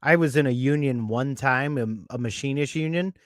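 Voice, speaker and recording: A man's voice: medium pitch, moderate pace, dry recording, studio quality. A man hosting a podcast, speaking bluntly with heavy swearing and frequent laughter. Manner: blunt, profane, laughs often. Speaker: podcast host. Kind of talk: casual podcast chat.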